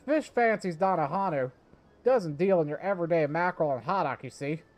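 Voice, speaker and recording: A man's voice: fairly high pitch, expressive, fairly quick, pitched above the performer's own voice, natural voice. A man doing a theatrical fishmonger. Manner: grand, theatrical storyteller delivery. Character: eccentric male fishmonger, theatrical and dreamy.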